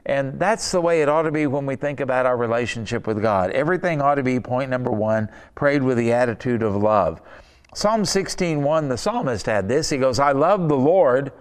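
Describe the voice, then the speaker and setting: A man's voice: mid-range voice, animated, brisk, smooth. Folksy preacher man in a reverberant hall. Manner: folksy storytelling with rhetorical questions. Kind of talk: sermon.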